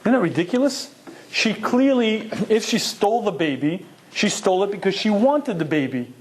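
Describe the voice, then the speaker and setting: Male lecturer, Torah class, higher voice, emphatic, asks and answers his own questions. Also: very animated, moderate pace. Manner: emphatic, rhetorical questions, Hebrew terms. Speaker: Torah teacher.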